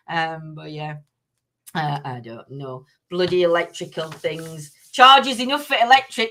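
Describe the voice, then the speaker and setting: A woman's voice: medium pitch, sharp tone. A middle-aged woman hosting a casual live-stream chat, rambling with many ums and restarts as she answers viewers. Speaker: livestream host.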